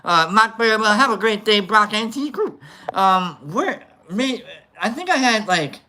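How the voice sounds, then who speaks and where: A livestream host chats casually and gives shoutouts to viewers. The voice is bright and forceful. The delivery is goofy and rambling, full of fillers, and jumps from low mumbles to high exclamations. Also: expressive, unhurried. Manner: rambling and goofy, with many fillers and big swings in pitch. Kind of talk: casual live-stream chat with viewer shoutouts.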